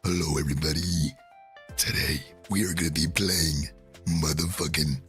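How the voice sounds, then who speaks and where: A man putting on a guttural, belched announcer voice by swallowing air, drawn out slowly like a goofy show intro. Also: steady tone, fairly bright tone, soft background music. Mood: mock announcer. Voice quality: deep belched croak made by swallowing air. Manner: slow, drawn-out, mock-announcer delivery.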